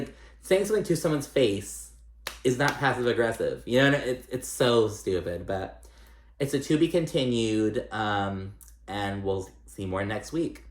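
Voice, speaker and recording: A man's voice: fairly low pitch, moderate pace, slight background noise. A man giving a casual, gossipy recap of a reality show, chatty and salty, with lots of "like" and "um". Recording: echoey room.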